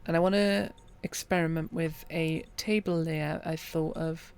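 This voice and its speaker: A woman streamer quietly thinking aloud as she plays a game, in calm, relaxed commentary at her computer. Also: sits low, a little slow, smooth. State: hiccuping.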